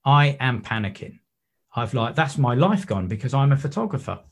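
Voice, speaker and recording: A man's voice: medium pitch, normal speed, husky. A man, a wreck diver and photographer, telling stories in a podcast interview. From England. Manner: animated anecdotes with acted-out quotes.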